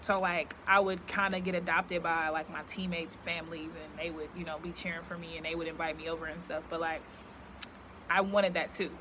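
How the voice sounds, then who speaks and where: A noisy background surrounds a young woman whose fairly low voice has a flat delivery and a slightly fast pace. As a vlogger, she talks candidly to the camera outdoors near yard work, rambling and reflecting with lots of filler words.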